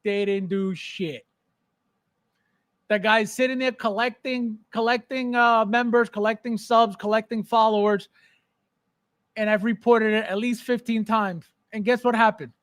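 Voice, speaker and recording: High-voiced man teasing live viewers. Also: fairly even intonation, measured pace, fairly bright tone, no echo. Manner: joking, teasing viewers by name. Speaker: podcast host. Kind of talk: casual livestream chat.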